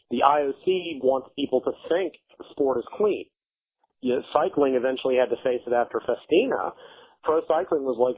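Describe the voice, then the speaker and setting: A man's voice: medium pitch, moderate pace. A man in blunt casual chat, profane and emphatic as he rants. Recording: tinny phone-like audio.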